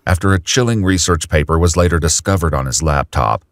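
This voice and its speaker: Very deep-voiced male documentary narrator. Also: brisk. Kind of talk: scripted narration.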